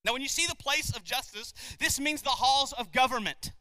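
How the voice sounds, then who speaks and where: A male pastor preaches an emphatic sermon and keeps pressing his listeners with rhetorical questions. His voice sits high and sounds sharply bright. The recording is dry and close, with no room sound. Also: normal speed, no echo.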